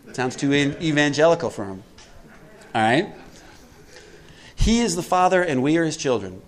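A man's voice: on the high side, sing-song, normal speed. A middle-aged man giving a twelve-step recovery talk to a group, conversational and emphatic, often putting questions to his listeners.

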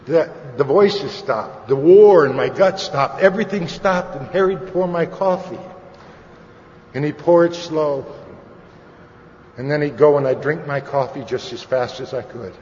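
At a recovery meeting, a man tells the audience his personal recovery story in a candid, conversational way laced with wry humor. His voice is fairly high and darkish, and he speaks at a measured pace. The lo-fi recording carries long hall reverb and faint noise.

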